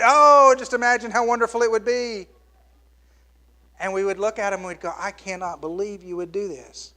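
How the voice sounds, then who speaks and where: A middle-aged male pastor delivering a sermon with a bright, forceful edge to his voice. He swings from loud, animated exclamations down to hushed, almost whispered lines, and his voice sits a little higher than most men's.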